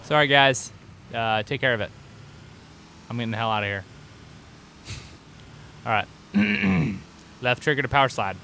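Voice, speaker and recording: A man giving goofy, excitable let's play commentary, trash-talking the game as he plays. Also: medium pitch, normal speed, pauses often. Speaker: gaming host. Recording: noisy game-audio mix. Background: game sound effects and vehicles.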